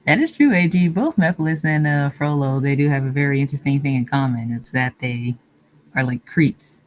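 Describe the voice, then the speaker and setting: A woman chats on her livestream and replies to viewer comments in an easygoing way. She meanders from one thought to the next and pauses often. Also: rumbling low, muffled recording. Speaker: livestream host. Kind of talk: casual live-stream chat, reading viewer comments.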